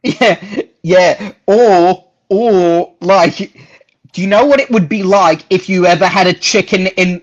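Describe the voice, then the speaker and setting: Casual male guest, jokey and rambling, somewhat high voice, muffled lo-fi sound. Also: slow. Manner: rambling, jokey, repeats himself. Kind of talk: casual chat.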